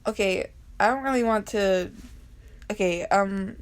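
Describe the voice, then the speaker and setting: A woman's voice: mid-range voice, a little slow. A young woman casually reading comics aloud and chatting, rambling and giggly with lots of ums and restarts. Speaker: comic reader vlogger.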